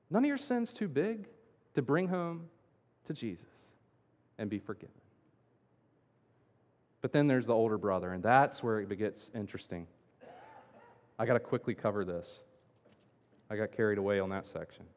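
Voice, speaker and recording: A man preaching a sermon as pastor, swinging between loud emphatic lines and quiet asides. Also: medium pitch, normal speed, pauses often. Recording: long hall reverb.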